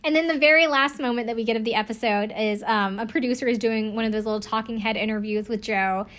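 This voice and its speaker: A woman's voice: on the high side, fast, fairly bright tone. Chatty woman recapping, swears freely. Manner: chatty, profane, laughing, lots of "like". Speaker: show recapper. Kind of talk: casual reality-TV recap.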